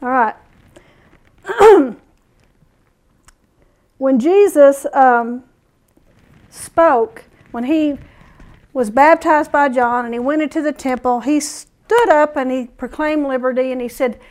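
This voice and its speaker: A woman preacher giving a sermon, telling stories in an animated way and chuckling often. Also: high-pitched, takes it slowly, long pauses.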